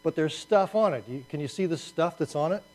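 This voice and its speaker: A man preaching a conversational sermon with slides, animated and restarting phrases as he goes. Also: on the high side, brisk, low-quality recording. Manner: animated, repeats words as he restarts. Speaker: pastor.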